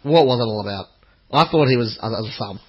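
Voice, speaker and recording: A man's voice: medium pitch, expressive, fast talker, breathy edge. A man co-hosting a football podcast in casual chat, laid-back and joking, on dull lo-fi audio. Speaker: podcast co-host.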